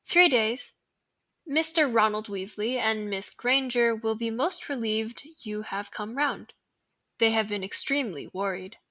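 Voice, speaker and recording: A young woman voicing a kindly old headmaster who speaks in a calm, genteel, gently teasing way. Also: a little high, a little slow.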